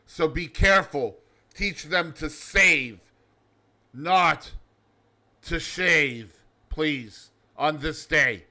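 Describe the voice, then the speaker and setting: Male host, loud, over-the-top alter-ego showman; slow, deliberate pacing, slightly high voice. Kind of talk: comedic daily show monologue.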